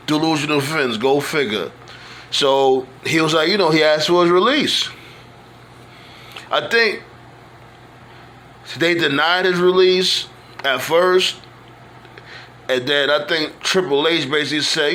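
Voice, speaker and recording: Bright-voiced man rambling casually. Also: fairly high pitch, measured pace, long pauses. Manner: rambling, loose speech with many fillers and restarts. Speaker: wrestling fan vlogger. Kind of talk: casual monologue tribute.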